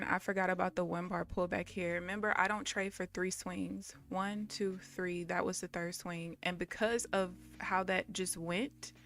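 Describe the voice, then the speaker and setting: A woman chats casually to her viewers while she trades. Her voice sits low and has a gravelly fry. She talks bluntly, curses when frustrated, and soft music plays faintly underneath. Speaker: day trader live streaming. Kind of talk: casual live stream talk to viewers.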